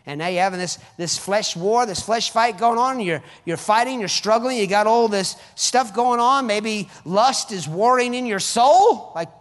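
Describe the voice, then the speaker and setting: A man preaching a sermon as pastor, his force rising and falling sharply between fervent cries and quiet asides. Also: high voice, moderate pace, hardly any pauses, in a large hall. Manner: preaching with sudden rises and drops in force.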